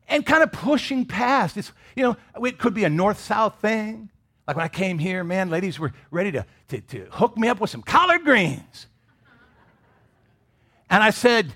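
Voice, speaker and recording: A middle-aged male pastor preaching with a lively, swinging voice that jumps up and drops low. He speaks in a fairly high register and keeps slipping in joking asides to the congregation. He grew up in Michigan. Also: moderate pace, husky. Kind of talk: sermon.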